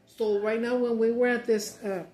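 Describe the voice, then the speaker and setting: A woman's voice: a little high, flat delivery, normal speed, darkish tone, slight background noise. A middle-aged woman chatting casually while eating, cussing in frustration and mixing Spanish with English. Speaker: mukbang vlogger. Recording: roomy echo.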